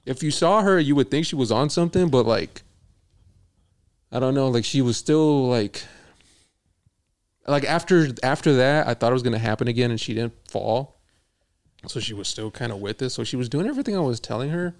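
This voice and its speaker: A young man with a gravelly, creaky edge to his voice tells a long, rambling work story. He swears freely, laughs a lot and keeps it loose and conversational, like a podcast co-host talking with friends. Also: mid-range voice, animated, brisk, pauses often. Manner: profane, rambling, laughs often. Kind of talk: casual storytelling chat.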